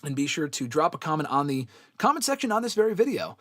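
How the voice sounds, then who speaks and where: A man's voice: a little high, very animated, quick pace, a bit bright, dry recording. A man hosting a live-stream wrestling question show in a loose, giggly, casual way, reading out viewers' chat comments. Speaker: wrestling show host answering fan questions.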